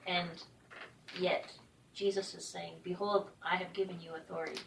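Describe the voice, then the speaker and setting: A woman co-hosting a casual faith discussion, speaking quietly and earnestly. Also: on the low side, level tone, normal speed, gravelly, noisy background. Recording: roomy sound, mic at a distance.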